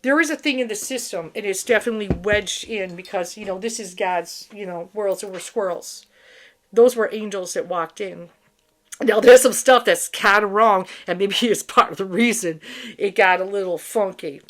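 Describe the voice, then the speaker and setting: A woman's voice: mid-range voice, normal speed. A woman hosting a spiritual channel, talking in a rambling, blunt unscripted monologue with swearing and frequent restarts.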